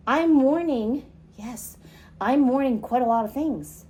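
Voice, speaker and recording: A woman's voice: sits high, a little slow, warm tone. A woman hosts her own podcast and talks in a casual, conversational way, often asking her audience questions. She also leads a guided exercise, prompting the group through smell, taste, hearing and feeling. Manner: chatty, asks the listener questions. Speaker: podcast host. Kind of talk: casual chat and recorded workshop talk.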